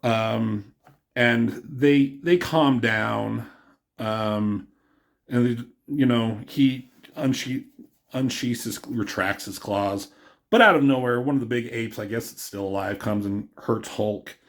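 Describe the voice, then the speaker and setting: A man's voice: mid-range voice, takes it slowly. Man casually rambling through a comic review. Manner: rambling, filler-heavy, chuckles at his own jokes.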